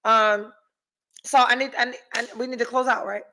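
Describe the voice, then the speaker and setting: A woman's voice: fairly high pitch, moderate pace, a little hiss or hum. Blunt, profane woman podcast host. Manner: blunt, profane, animated storytelling. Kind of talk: casual chat, reading live comments.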